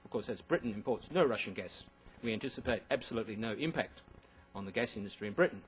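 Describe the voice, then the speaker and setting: A man's voice: lowish voice, expressive, fast talker, close to an everyday voice, poor audio. A man putting on the voice of a pompous male British government minister making an official statement.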